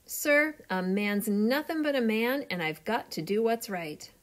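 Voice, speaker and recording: Storybook: woman reading as a brave working man, earnest, slow and lively in pitch. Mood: determined. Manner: earnest and determined. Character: strong, brave working man, steel driver.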